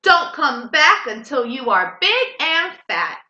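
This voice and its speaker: A woman's voice: big pitch swings, bright, forceful tone, reverberant, dull audio, exaggerated voice. Woman doing a growling hungry troll. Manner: low slow growl. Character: hungry mean male troll under a bridge.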